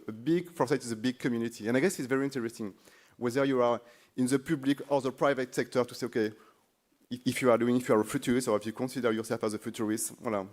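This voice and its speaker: On a conference stage, a man with a French accent, a corporate foresight lead speaking English as a second language, moderates a panel. He's halting, often repeating words while searching for phrasing, in a medium-pitched, darkish voice.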